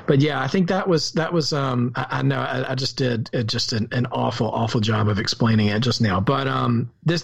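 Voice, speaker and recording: A man with a Southern US accent, co-hosting a podcast and discussing a film in an earnest, halting way with many restarts. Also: medium pitch. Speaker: podcast co-host.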